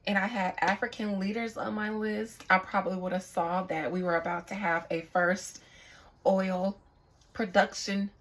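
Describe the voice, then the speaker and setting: A young woman speaking as a psychic reader in a casual, candid vlog monologue, reflective and quick to swear. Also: fairly low pitch, low-quality recording.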